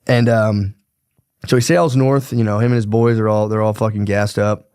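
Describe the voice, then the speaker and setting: Young male podcaster, low voice, dry close mic, slangy and swearing storyteller. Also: steady tone, normal speed, darkish tone, clear, resonant tone, no echo. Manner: profane, slangy, rambling with fillers. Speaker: podcast host. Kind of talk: casual history storytelling.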